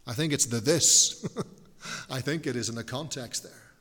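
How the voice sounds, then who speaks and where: A man preaching an expository Bible study, slow and deliberate, with rhetorical questions and frequent restarts. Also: mid-range voice, fairly bright tone, long reverb tail.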